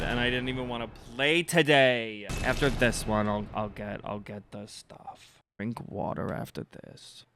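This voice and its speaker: A man streaming live gameplay from home, chatting with viewers, easily frustrated and prone to sudden shouts. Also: mid-range voice, gravelly, slight background noise. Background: game music.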